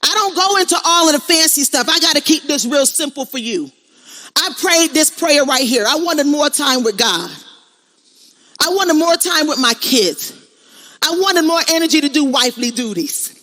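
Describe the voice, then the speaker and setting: Middle-aged lady doing a motivational speech, punchy preachy delivery, bright forceful voice. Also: high-pitched, lively intonation, normal speed. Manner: emphatic, preachy, repeats lines for the crowd. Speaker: motivational speaker. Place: on stage at an event.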